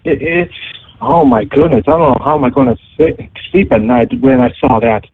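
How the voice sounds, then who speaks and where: A man's voice: mid-range voice, moderate pace, breathy edge. Hesitant male caller on a phone line. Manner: hesitant, full of fillers. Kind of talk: telling a story on a call-in show. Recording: dry tinny phone line.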